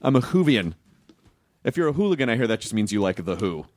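A young man hosting a podcast, chatting in an excitable, rambling way with many restarts. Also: lowish voice, quick pace, slight background noise. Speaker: podcast host. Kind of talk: casual chat.

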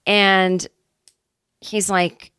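A woman's voice: medium pitch, flat delivery, drawn-out words, sharp tone, smooth, no echo, clean studio sound. A woman hosting a comedy podcast, telling a rambling, self-deprecating story and speaking openly about her anxiety in a casual way.

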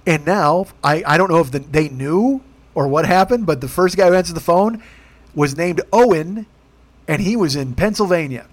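A man's voice: on the high side, animated, normal speed. A man telling a profane, comic story as a rant, acting out the people he quotes in put-on voices. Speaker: podcast host.

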